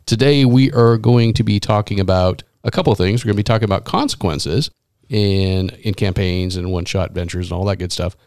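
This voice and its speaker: A man hosting a casual tabletop gaming podcast, chatty and quick to laugh. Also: fairly low pitch, steady tone, darkish tone, dry recording, studio quality. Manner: giggly, chatty, rambling. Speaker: podcast host. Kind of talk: casual chat.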